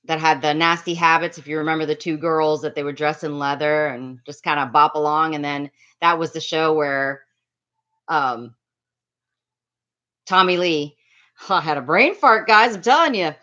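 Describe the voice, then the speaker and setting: On slightly dull lo-fi audio, a middle-aged woman from the Miami area tells a rambling, casual story to her livestream chat while reading out viewer names. Her voice is low and sharp, at a moderate pace.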